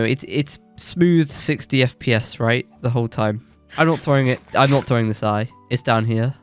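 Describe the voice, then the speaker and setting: Young man with a stuffy, blocked nose. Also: mid-range voice. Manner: excitable, jokey boasting, yelps when surprised. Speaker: gaming YouTuber. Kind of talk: let's play commentary.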